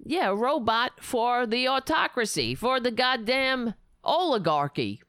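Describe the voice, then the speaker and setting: A woman pours out fierce, sarcastic political commentary, her voice set fairly high and sounding smooth and clear. She rants with heat and profanity, now and then jumping into sudden loud bursts. The recording is close and dry. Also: expressive, unhurried, dry recording.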